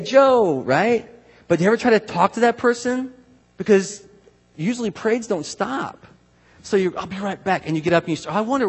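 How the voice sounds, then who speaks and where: A man preaching a sermon in a conversational, animated way, acting out voices of people he quotes. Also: sits high, breathy edge. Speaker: pastor. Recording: long hall reverb.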